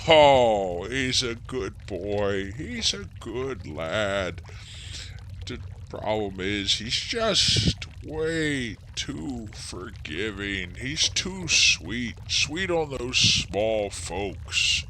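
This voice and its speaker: A man's voice: fairly low pitch, very animated, drawn-out words, bright, forceful tone, slight background noise, full character voice. A man voicing an aged, blind male cloud giant with a shaky voice who rambles fondly and struggles to hear. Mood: rambling. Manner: rambling, doting, hard of hearing.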